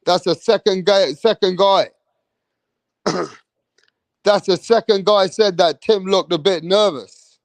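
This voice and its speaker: A man's voice: sits high, takes it slowly, pauses often, no room sound. A young man hosting a boxing livestream, chatting casually with plenty of slang, repeating himself and reading out viewer comments. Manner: repetitive, slangy, reads viewer comments aloud. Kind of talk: casual live chat.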